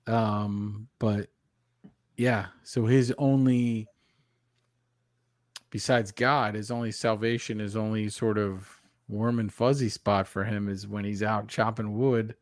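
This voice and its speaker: Man, lowish voice, dry close mic, podcast co-host, reflective, lots of um and like. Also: fairly even intonation, takes it slowly, dry recording. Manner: thoughtful, adds background detail, many fillers. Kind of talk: casual podcast discussion.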